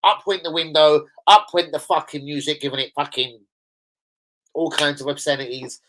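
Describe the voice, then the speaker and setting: A man's voice: a little high, steady tone, normal speed, fairly bright tone, slight background noise, rough recording. A man with a London accent chatting on a live stream about football, slangy and sweary, rambling through anecdotes from indoors at home. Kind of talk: casual live-stream chat.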